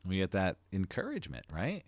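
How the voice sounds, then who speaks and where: Low-voiced motivational podcast host. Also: male voice, fairly quick, no echo. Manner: earnest, builds to animated, emphatic delivery. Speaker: podcast host, life coach.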